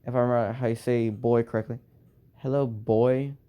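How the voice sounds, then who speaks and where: A young man improvising a fan story aloud, halting and restarting with lots of fillers and sighs. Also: mid-range voice, steady tone, mellow, smooth, highs cut off.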